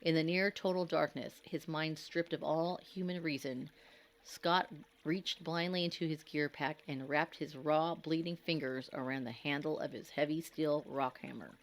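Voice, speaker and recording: Woman, low voice, horror story narrator, grave, measured, dramatic. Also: steady tone.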